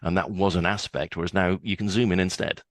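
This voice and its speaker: A man's voice: deep voice, fairly even intonation, fast talker, a bit bright, no echo. A man in his sixties, a guest on a podcast interview, chatty and often repeating words as he starts a sentence.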